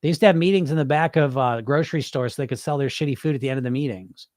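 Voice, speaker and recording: A man's voice: medium pitch, very fast, darkish tone, dry recording, studio quality. A man hosting a weight loss podcast, talking casually and bluntly to his listeners, with the odd swear word and plenty of restarts. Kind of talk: casual live-stream talk.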